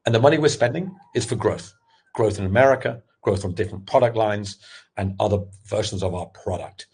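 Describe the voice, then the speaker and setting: A middle-aged man giving a candid, animated webinar talk on pitching, full of restarts as he tells his story. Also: a little fast, gravelly, slightly rough. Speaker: sales expert and former startup founder.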